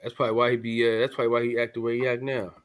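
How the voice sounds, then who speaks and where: A man co-hosting a casual boxing talk show, in quick, halting slang full of restarts. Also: mid-range voice, level tone, no echo, clean studio sound. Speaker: podcast co-host.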